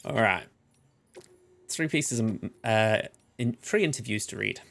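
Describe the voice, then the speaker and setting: A man's voice: fairly low pitch, animated, moderate pace, vocal fry. A young man casually commenting while playing a video game, chatty and self-deprecating. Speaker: let's play host.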